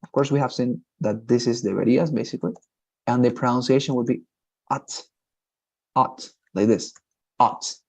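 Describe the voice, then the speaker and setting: A man's voice: medium pitch, gravelly, warm tone. Male English tutor, encouraging, patient explainer, mid-range voice. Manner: encouraging, repeats praise, explains slowly. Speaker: English teacher. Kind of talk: one-on-one online lesson.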